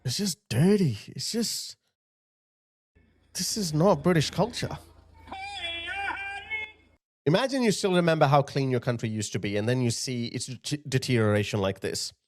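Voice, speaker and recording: A man's voice: mid-range voice, moderate pace, long pauses. A man hosting his channel, giving indignant political commentary over video clips and often repeating himself to point things out. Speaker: channel host.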